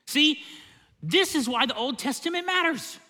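A man's voice: extremely high pitch, animated, normal speed, bright, forceful tone. A male pastor preaching a sermon in a church, emphatic and conversational, often opening with "See.".

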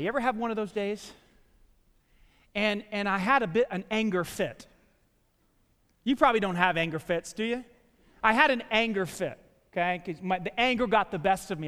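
High-voiced pastor preaching in a reverberant hall. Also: male voice, clear, resonant tone. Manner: animated storytelling with self-deprecating asides and restarts. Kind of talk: sermon. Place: church sanctuary.

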